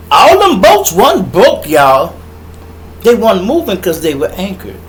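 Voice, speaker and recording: A middle-aged man with a Chicago accent hosting a podcast, telling a story in an animated, profane monologue and acting out voices and sound effects. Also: high-pitched, a little slow, slight background noise, low-quality recording. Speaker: podcast host.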